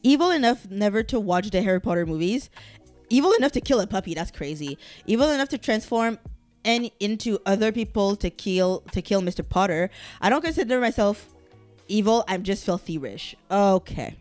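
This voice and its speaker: A woman's voice: mid-range voice, expressive, moderate pace, darkish tone, soft background music. A woman hosting a casual solo podcast, talking animatedly and swearing as she reacts to quiz results. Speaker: podcast host.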